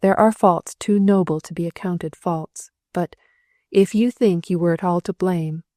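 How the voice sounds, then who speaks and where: A woman's voice: on the low side, steady tone, a little slow, dark tone, no room sound, clean studio sound, natural voice. A woman reading the lines of an earnest, devoted young husband in a storybook.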